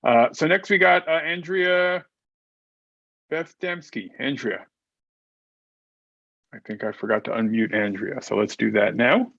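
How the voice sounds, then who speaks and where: Host, male, online meeting over a video call, halting delivery, dry and dull audio. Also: medium pitch, gravelly, fairly bright tone, no room sound. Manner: halting, repeats words while introducing speakers. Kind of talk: hosting an online club meeting.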